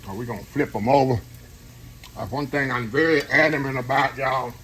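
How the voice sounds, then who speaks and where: Cooking at his kitchen stove, a man chats with his vlog viewers at a moderate pace in a medium-pitched voice, rambling and repeatedly calling them "y'all." A tripod camera records him roughly, with some hiss or hum and a loud frying sizzle from the skillet in the background.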